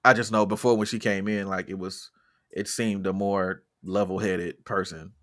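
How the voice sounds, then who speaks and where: Here the co-host speaks in a low-pitched voice at a moderate pace. He's part of a casual, joking music podcast, lively throughout and prone to loud impressions.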